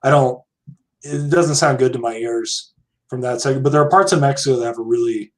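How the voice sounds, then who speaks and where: An American podcast co-host talks a little fast in a mid-range voice. The conversation is casual, and he keeps digressing, chatting freely and hedging his statements.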